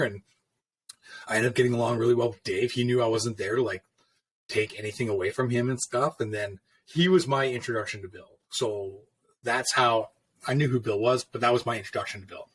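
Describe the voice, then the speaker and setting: Medium pitch, a bit bright, and husky: that's the voice of this middle-aged tattoo artist. He tells casual stories about his shop in an easygoing, swearing manner, acting out what people said to him.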